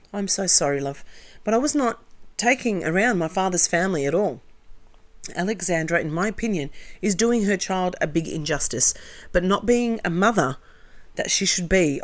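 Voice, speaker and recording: A woman with a somewhat low voice talks close to the mic in a casual commentary video. She reads viewer comments aloud one after another and answers each with blunt, opinionated remarks and chatty asides. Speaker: commentary channel host.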